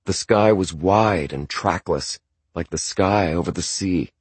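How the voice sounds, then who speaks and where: Low husky male audiobook narrator. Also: dry recording. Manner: measured, reflective. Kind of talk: scripted first-person novel narration.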